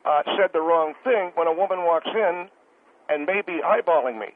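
Man playing a high-voiced, stammering, excuse-making grocer in a hairpiece; tinny phone line; comedy radio. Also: moderate pace, slight background noise, lightly acted. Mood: defensive. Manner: stammering, self-justifying. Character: short wealthy male grocery owner in a hairpiece, defensive and leering. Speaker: store owner on a call-in show.

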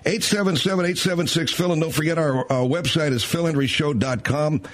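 A man's voice: fairly high pitch, a little fast, noisy background. A man hosting a late-night radio talk show, rambling and hesitant with many fillers and restarts as he reads out the number and sets up a story.

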